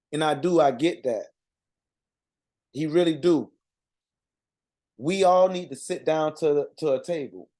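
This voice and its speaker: Guy rambling to his community, mellow low-key voice, keeps restarting, lots of ums. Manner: halting, many restarts and fillers. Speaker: religious community speaker. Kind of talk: unscripted monologue.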